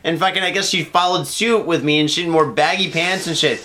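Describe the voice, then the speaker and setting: A man's voice: on the high side, brisk, pushed and bright. A man in his thirties co-hosting a podcast, talking loosely with lots of swearing and laughter. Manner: loose, swearing, laughing, riffing on silly put-on voices. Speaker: podcast co-host. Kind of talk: casual chat.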